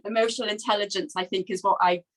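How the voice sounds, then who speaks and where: A woman with a Welsh accent, a trainee therapist speaking in a workshop discussion, nervous and heartfelt with halting restarts, on a video call. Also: medium pitch, fairly even intonation, poor audio. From Wales. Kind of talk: casual discussion.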